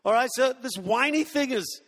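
An Australian pastor in his sixties preaches with jokes and playful whiny impressions. His voice sits high and sounds bright and forceful. It rings out with a long hall reverb. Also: animated, moderate pace. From Tasmania, Australia. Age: 60s. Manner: humorous storytelling preacher, mimics whiny kids. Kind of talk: sermon.

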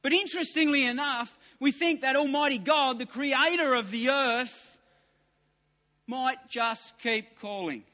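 A man in his fifties delivers a sermon in a very high, bright voice. He repeats his key lines with rising emphasis and sometimes pushes them to near shouts. The long reverb of a large hall trails every phrase. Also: a little slow. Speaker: preacher.

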